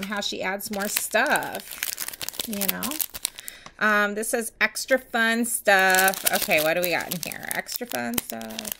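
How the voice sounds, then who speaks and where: A woman's voice: mid-range voice, sharp tone, a little hiss or hum. A woman vlogger chatting casually and gushing as she unboxes nail art, with many ums.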